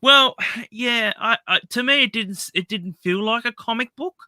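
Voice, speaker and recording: A man's voice: very high-pitched, moderate pace, pushed and bright, no echo. A man hosting a casual chat about films, rambling, laughing often and acting out quotes. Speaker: podcast host.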